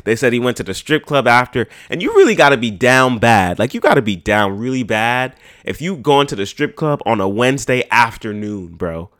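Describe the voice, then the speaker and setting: A man's voice: mid-range voice, expressive, moderate pace, hardly any pauses, fairly bright tone. A man hosts a podcast in loose, casual chat. He rambles through his points with plenty of slang and swearing, and his voice sits in a mid register. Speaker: podcast host.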